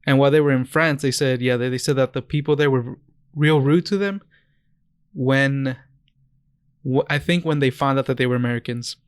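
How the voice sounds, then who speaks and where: A man's voice: medium pitch, brisk, clean tone, no room sound, clean studio sound. A young man co-hosting a podcast, chatting casually and rambling through stories with lots of restarts and self-corrections. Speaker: podcast co-host. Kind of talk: casual chat.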